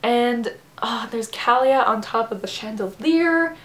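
A woman's voice: on the high side, animated, measured pace, fairly bright tone. Gushing woman book vlogger, roomy sound. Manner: gushing, enthusiastic, lots of "like" and "oh my god". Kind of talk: casual vlog chat showing books. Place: home room with bookshelves.

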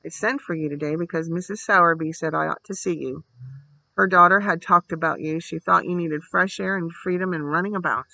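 A man voicing a gloomy, grieving gentleman guardian who speaks in a fretful, distracted way. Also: on the high side, fairly even intonation, brisk, vocal fry, dry recording, full character voice, poor audio. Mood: weary gloomy.

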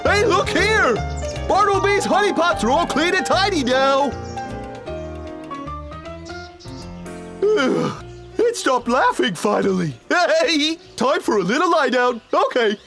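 A woman voicing a mischievous, playful young frog in a cartoon, giggly and excitable, quick to bluster. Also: sits high, over music, exaggerated voice. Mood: satisfied. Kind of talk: cartoon voice acting.

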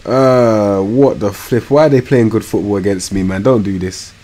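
A young man, giving slangy, animated live commentary on a football management game, muttering one moment and shouting the next. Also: on the low side, moderate pace. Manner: slangy, animated, swings from mumbled asides to loud outbursts. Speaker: gaming streamer.

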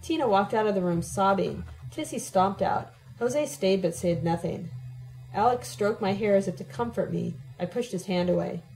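Woman, audiobook reader, first-person narration, steady pace, mellow tone. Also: medium pitch, normal speed, vocal fry, soft background music, rough recording. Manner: steady, even-paced first-person reading. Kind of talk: reading a novel aloud.

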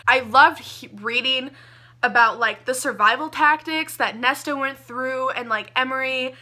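A young woman gushing about a book she loved, talking casually and excitably with lots of "like" fillers. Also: high-pitched, a little slow. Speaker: book reviewer.

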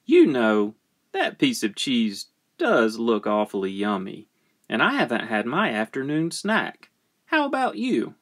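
A man voicing a small, chatty girl who can't keep quiet, in a squeaky, singsong voice. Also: huge pitch swings, a little slow, heavily acted. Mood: teasing.

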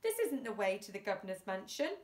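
A woman's voice: mid-range voice, sing-song, fairly quick, natural voice. A woman reading a children's book aloud, voicing a bossy, fussy male henchman who demands answers sharply. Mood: demanding. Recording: roomy room, distant mic.

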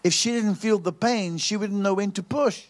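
Preacher with a raised voice. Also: male voice, sits high, normal speed. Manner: storytelling preacher, repeats phrases for emphasis. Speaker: pastor. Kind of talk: preaching sermon.

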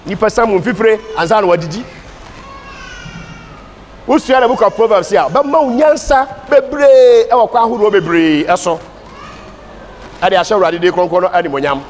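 Ghanaian man, Bible class teacher, emphatic code-switching preacher, high register, church hall reverb and faint room hiss. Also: normal speed, pauses often. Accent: Ghanaian English. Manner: switches between English and Twi, emphatic preaching cadence. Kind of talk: sermon-style Bible teaching. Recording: distant hall reverb with faint ambient noise.

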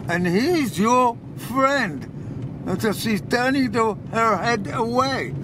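A man chatting on a road trip in a casual travel vlog, hesitant with halting restarts. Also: extremely high pitch, background noise. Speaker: travel companion. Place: in a car, then a desert cabin.

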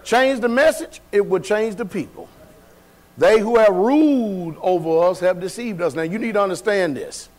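A man with a high-pitched voice preaches a sermon in a church. He talks in a folksy, everyday way and keeps asking the congregation questions. His delivery is call-and-response. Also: moderate pace. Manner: folksy, colloquial. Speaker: pastor. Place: church sanctuary.

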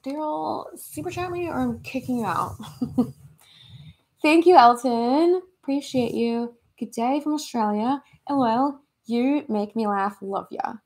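A young American woman hosts a relaxed livestream from home, chatting with viewers. Her voice sits a little high. She giggles often and reads out comments as they come in. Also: measured pace, slightly rough. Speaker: livestream host. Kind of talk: casual livestream chat reading comments. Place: her home in Los Angeles.

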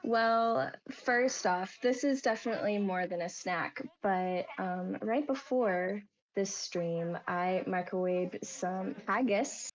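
A woman's voice: mid-range voice, takes it slowly, hardly any pauses. Easygoing woman streamer talking through her run, slightly muffled recording. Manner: chatty, easygoing. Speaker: speedrunner. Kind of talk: casual stream commentary. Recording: dull lo-fi mic.

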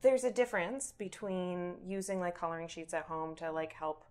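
Woman podcast host, relaxed. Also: on the low side, normal speed. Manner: relaxed, many listening hums. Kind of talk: podcast interview.

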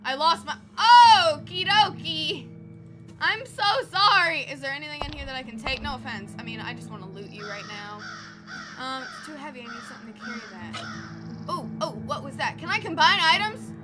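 A woman giving casual, excitable gameplay commentary, easily spooked and talking back to the game. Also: high voice, quick pace. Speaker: let's play gamer. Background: game music.

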